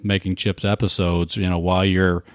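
Deep-voiced, excited male guest. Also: slight background noise. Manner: excited, quick, with repeated words. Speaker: podcast guest. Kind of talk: casual podcast chat.

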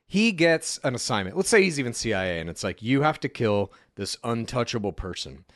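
A man co-hosting a podcast in casual chat, easygoing, laying out ideas like a story pitch. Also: sing-song, brisk, no echo, studio quality. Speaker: podcast co-host.

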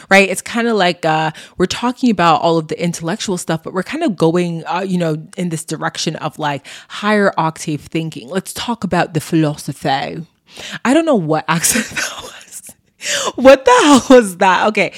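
A woman's voice: lowish voice, dry recording, clean studio sound. A woman hosting an astrology podcast, talking casually and playfully with lots of fillers. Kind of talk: casual solo podcast talk.

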